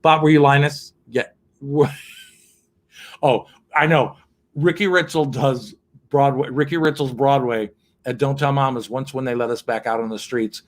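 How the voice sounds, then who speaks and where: A man's voice: mid-range voice, fairly even intonation, unhurried. A man hosting an online cabaret show from his piano, chatting with viewers between songs in a campy, cheeky way and laughing often. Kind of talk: chatty live-stream banter between songs.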